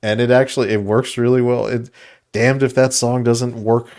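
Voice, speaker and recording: A man's voice: mid-range voice, flat delivery, moderate pace, darkish tone. A man co-hosting a podcast, retelling movie scenes in a rambling, enthusiastic way with fillers. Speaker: podcast co-host. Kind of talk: casual movie review chat.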